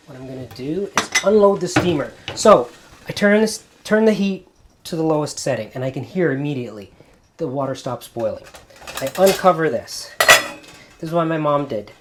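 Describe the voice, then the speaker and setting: A man hosting a cooking video in a home kitchen, gently narrating each step as he works. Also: a little high, heavy background noise. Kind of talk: cooking demonstration.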